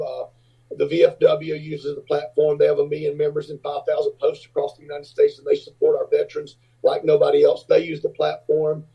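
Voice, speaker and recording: Husky-voiced man telling rambling stories. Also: fairly high pitch, distant mic. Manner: rambling, filler-heavy anecdotes. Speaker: podcast guest, rock singer and entrepreneur. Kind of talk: casual storytelling. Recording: dull lo-fi audio.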